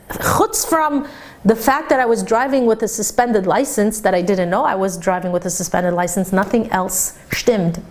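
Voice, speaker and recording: A woman who teaches religious classes to women, telling a story in an animated, excited way and often stammering over repeated words. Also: medium pitch. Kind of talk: storytelling lecture.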